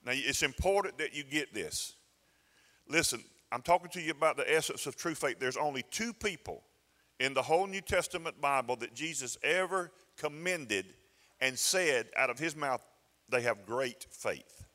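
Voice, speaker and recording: A man's voice: fairly high pitch, expressive, normal speed, pushed and bright, long reverb tail. A male pastor preaching a sermon in a folksy, conversational way, often restarting his phrases. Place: church sanctuary.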